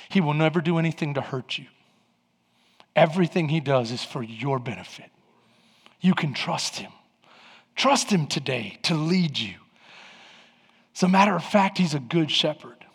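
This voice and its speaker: A man's voice: on the high side, moderate pace, long pauses, husky, in a large hall. A man in his forties preaching a sermon as pastor, calling out to the congregation with rising fervor. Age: 40s.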